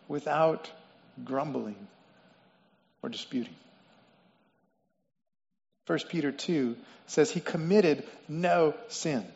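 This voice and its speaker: High-voiced man preaching in a hall. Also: darkish tone. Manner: explains word meanings, repeats phrases for emphasis. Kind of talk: sermon. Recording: dull lo-fi sound with long reverb in a hall.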